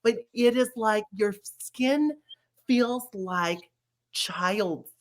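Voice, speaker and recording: A woman chatting casually about beauty products, animated, laughing often and restarting her sentences. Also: medium pitch, drawn-out words. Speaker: brand representative.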